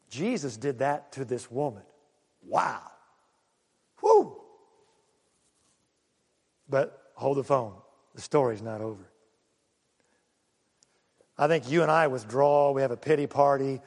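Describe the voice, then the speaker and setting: A man's voice: medium pitch, slow pace, long pauses. Pastor guy preaching in a big echoey sanctuary, voice jumps all over, acts out little asides. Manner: animated preaching with rhetorical questions and acted-out asides. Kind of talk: sermon.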